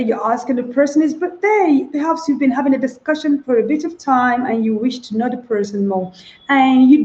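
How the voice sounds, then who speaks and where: A woman's voice: a little high, a little mellow. A woman teaching an online spoken English lesson, demonstrating phrases by repeating them with different stress. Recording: roomy, dull lo-fi sound.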